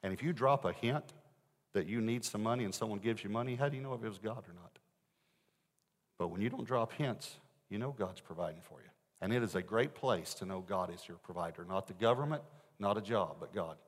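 A man preaching a sermon, telling a personal story and swinging between loud emphasis and hushed asides. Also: on the low side, fairly quick. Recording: echoey hall.

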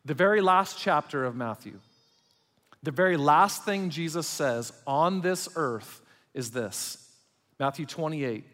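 A man preaching a sermon as pastor, swinging between loud emphatic passages and quiet, intimate ones. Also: on the high side, animated, unhurried. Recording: long hall reverb.

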